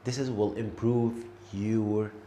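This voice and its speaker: Guy teaching letters, talks real slow, a bit of hiss behind. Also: on the low side, flat delivery, warm tone. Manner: encouraging, repeats each letter slowly and clearly. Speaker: Arabic teacher. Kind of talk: beginner pronunciation lesson.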